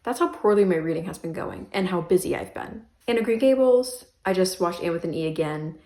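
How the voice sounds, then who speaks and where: A woman's voice: lowish voice, sing-song, fairly quick, vocal fry, mellow. A young woman vlogging casually about her books, chatty and self-mocking, with plenty of "um" and "like" as she rambles. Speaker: book vlogger. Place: bedroom. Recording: echoey room.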